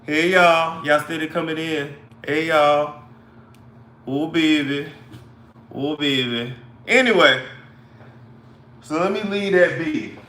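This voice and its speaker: A man putting on a scatterbrained woman who frets over her damaged hair, drawling slowly and calling everyone baby. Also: high-pitched, lively intonation, sharp tone, full character voice. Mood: fretful. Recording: echoey room.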